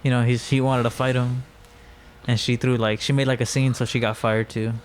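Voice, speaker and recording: A young man guesting on a casual podcast. He speaks in a flat, even tone and rambles through his stories, full of pauses and fillers. A faint hiss runs under the recording. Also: medium pitch. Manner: rambling, hesitant, lots of fillers. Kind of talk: casual storytelling.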